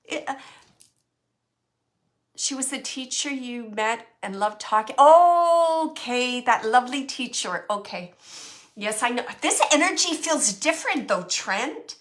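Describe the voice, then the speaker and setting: A woman working as a medium, giving a spirit reading to an audience, speaking softly, musing aloud and often dropping to a whisper. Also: on the high side, expressive, takes it slowly. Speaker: psychic medium.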